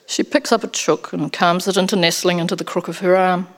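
A woman narrating a first-person story as an audiobook, in an expressive storytelling manner. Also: lowish voice, fairly quick.

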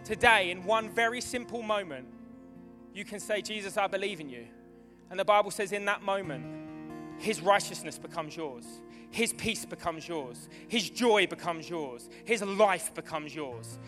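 Excitable preacher guy, bright voice, gets loud and fervent, echoey church hall. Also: high-pitched, a little slow. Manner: excitable, builds to fervent shouting. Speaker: pastor. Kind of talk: sermon with live demonstration. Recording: long hall reverb with music behind.

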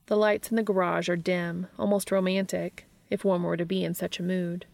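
A woman reads a fan fiction story aloud in a steady narrating voice. Her tone sits a little low with a gravelly texture, recorded close and dry. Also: normal speed, hardly any pauses, no room sound.

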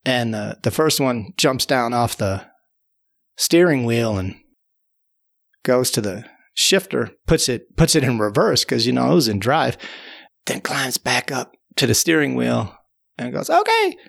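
A man with a gravelly, creaky edge to his voice tells a tall tale in an easy, conversational way. He wanders as he talks, repeats himself and restarts, and keeps dropping in "you know". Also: mid-range voice, measured pace. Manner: rambling, repeats words and fills with "you know". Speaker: storyteller. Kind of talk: casual spoken tall tale.

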